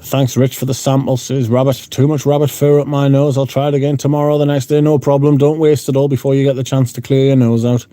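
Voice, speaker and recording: Male livestream host, mellow low-toned voice, casual and foul-mouthed. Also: level tone, fast, hardly any pauses. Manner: sweary, blunt. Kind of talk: casual chat reading out viewer comments. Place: room at home.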